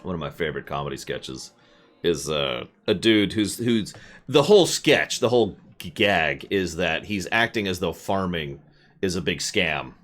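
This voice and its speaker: A man streaming a video game, rambling and joking as he plays, often jumping into high mock voices. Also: expressive, normal speed, a bit bright. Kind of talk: casual gameplay commentary.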